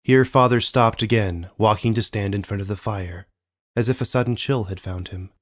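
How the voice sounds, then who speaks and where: A man narrating an audiobook in a calm, measured storytelling manner. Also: on the low side. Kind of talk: scripted narration.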